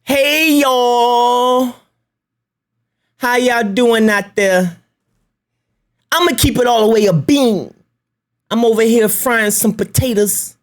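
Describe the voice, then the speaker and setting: A man impersonating a loud woman vlogger who chats while frying potatoes and suddenly screams. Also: very high-pitched, slow pace, long pauses, voice pushed up. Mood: chatty. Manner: jumps from chatty to screaming.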